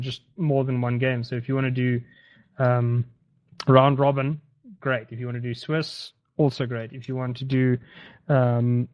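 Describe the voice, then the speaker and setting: A man from South Africa co-hosting a casual esports podcast, talking in halting bursts with teasing asides. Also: mid-range voice, highs cut off. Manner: halting, many fillers and restarts, teasing. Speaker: podcast co-host.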